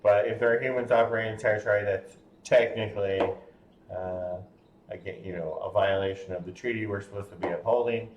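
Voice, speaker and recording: A man running a tabletop game as game master, halting with fillers and laughing often. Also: lowish voice, fairly even intonation, dull audio. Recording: roomy with faint background hum.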